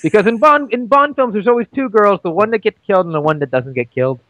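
Young male co-host, slightly high voice, dry deadpan quips, close dead mic. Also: no echo, poor audio. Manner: dry jokes, quick quips, stammering restarts. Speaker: podcast co-host. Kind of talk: casual movie chat.

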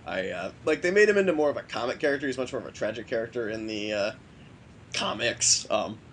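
A man co-hosting a casual chat about comics, recounting a story loosely with many "like"s and pauses. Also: mid-range voice, animated, fairly bright tone, slightly rough.

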